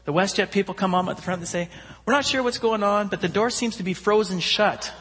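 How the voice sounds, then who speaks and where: A man preaching, telling a story with animated voices for its characters. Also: sits high, fairly quick, slight background noise. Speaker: pastor. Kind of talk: sermon storytelling. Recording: long hall reverb.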